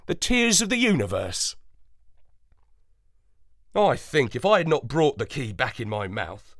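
A storyteller reading a playful storybook in the first person, in an expressive, unhurried manner. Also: medium pitch, no room sound, clean studio sound. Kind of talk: storybook narration.

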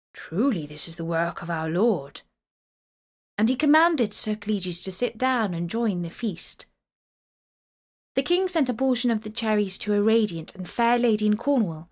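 A woman reading a medieval tale aloud in a steady, clear storytelling voice. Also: on the high side.

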